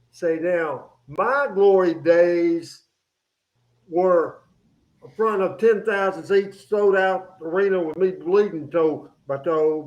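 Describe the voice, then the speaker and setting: A man with a high-pitched voice hosting a radio show from the studio. He talks in energetic, rambling bursts, full of fillers and false starts. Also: dull audio. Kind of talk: casual studio chat.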